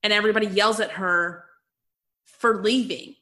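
A woman's voice: mid-range voice, steady tone, sharp tone. A woman co-hosting a casual chat, chiming in with agreement and her own opinions on a reality show. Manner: chimes in with quick agreement and opinions. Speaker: recap podcast co-host.

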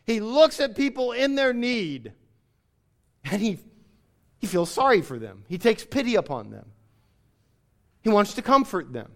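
A man's voice: high-pitched, sing-song, unhurried, creaky, long pauses. A man preaching a sermon, explaining scripture and reading passages aloud with emphasis. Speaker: pastor.

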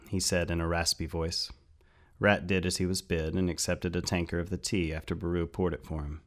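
Deep voiced guy reading a fantasy book, calm and steady. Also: moderate pace. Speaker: audiobook narrator. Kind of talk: scripted narration.

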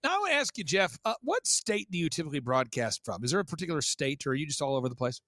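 A man's voice: fairly high pitch, very animated, fairly bright tone, no echo, studio quality. Emphatic man firing rhetorical questions. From Oklahoma. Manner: emphatic, rapid rhetorical questions, repeats words. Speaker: guest. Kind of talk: conspiracy talk-show commentary.

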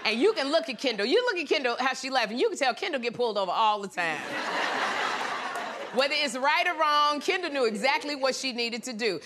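A woman talk show host doing a comedic monologue on the news, animated and laughing, slipping into squeaky high impressions. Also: fairly quick. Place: television studio with live audience. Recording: studio audience cheering and noise behind.

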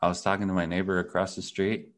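Speaking fast in a low-pitched voice, this man co-hosts a podcast and trades stories in profane, casual conversation, swinging into over-the-top voices whenever he quotes someone.

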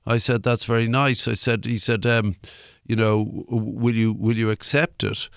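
Recorded with clean, echo-free studio sound, an older man from Ireland, a musician guest, tells a long, rambling story full of fillers and occasional swearing. His voice is lowish, creaky and resonant, flat in delivery at a moderate pace.

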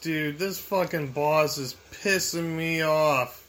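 A man's voice: a little high, slow, a bit bright. A young man commentating his gameplay, frustrated, swearing and talking back at the game. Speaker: gamer.

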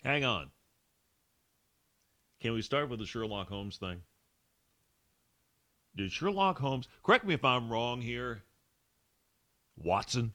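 A man's voice: mid-range voice, bright, forceful tone. A man hosting a talk radio show, sarcastic and full of rhetorical questions.

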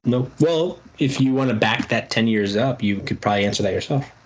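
A man's voice: medium pitch, brisk, dull audio, slight background noise. A man co-hosting a wrestling podcast, reading out trivia questions and quoted promos in casual chat, laughing easily. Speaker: podcast co-host running trivia.

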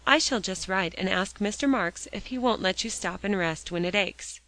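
A woman voicing a gentle little girl who asks questions softly and persistently. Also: mid-range voice, moderate pace, no echo, close to an everyday voice.

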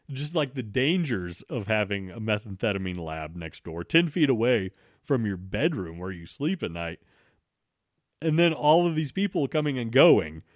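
A man's voice: medium pitch, no echo, clean studio sound. A man telling a long story in a casual, profane way, with many restarts. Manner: profane, rambling with frequent restarts.

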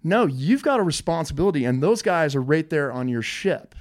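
A man's voice: a little high, lively intonation, brisk. A male podcast host praising his guest in an emphatic, admiring way, repeating his points. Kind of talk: interview chat.

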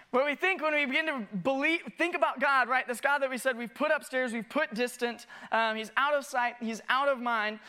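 Bright-voiced animated preacher man. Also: very high voice. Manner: animated, self-mocking, acts out scenes. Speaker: family discipleship pastor. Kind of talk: sermon with personal storytelling.

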